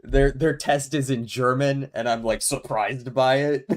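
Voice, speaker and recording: During a casual live stream of a game, a man chats with his viewers in a relaxed manner, frequently laughing and thinking out loud. He speaks a little slowly, at a medium pitch with a steady tone.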